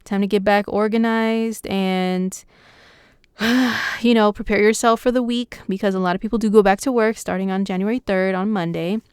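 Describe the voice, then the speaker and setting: Young woman, astrologer, casual horoscope vlog, excitable and slangy, very crisp voice, dry close sound. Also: medium pitch, moderate pace, dry recording.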